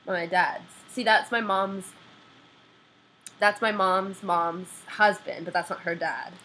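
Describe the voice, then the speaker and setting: A woman's voice: medium pitch, steady tone, slow pace, pushed and bright, a little hiss or hum, poor audio. A woman, chatting playfully and giggling in a casual vlog. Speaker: vlogger. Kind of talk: casual chat.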